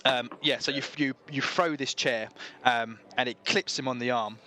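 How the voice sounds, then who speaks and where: A man's voice: mid-range voice, fairly even intonation, moderate pace, pushed and bright. A man acting as dungeon master, narrating a tabletop game and patiently explaining the rules with lots of ums.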